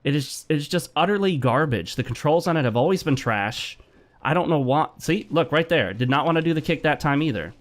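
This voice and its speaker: A man's voice: a little high, expressive, fairly quick. A man doing casual let's-play commentary, talking over his game and breaking into frustrated rants. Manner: chatty, easily frustrated rants. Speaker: gaming commentator.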